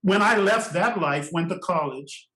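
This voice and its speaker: An older man from Trinidad, a podcast guest, telling stories in an animated way and laughing often between phrases. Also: high voice, unhurried, echoey room, rough recording. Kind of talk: storytelling interview.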